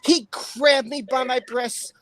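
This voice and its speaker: Woman streamer doing a mock-dramatic statement reading: hushed, slow, lowered, still a high voice. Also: steady tone, dry recording, rough recording.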